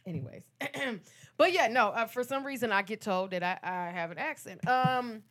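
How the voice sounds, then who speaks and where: A young woman from Detroit talks in a relaxed, chatty way as a co-host on a podcast. She is animated and teasing with her co-host as she tells her own stories. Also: fairly high pitch, normal speed. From Detroit, USA. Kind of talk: casual chat.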